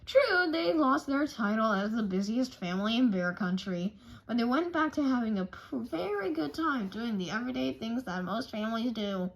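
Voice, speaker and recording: Animated woman reading a children's storybook. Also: fairly high pitch, moderate pace, creaky, low-quality recording. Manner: animated, expressive, with small slips. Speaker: narrator. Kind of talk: children's storybook read-aloud.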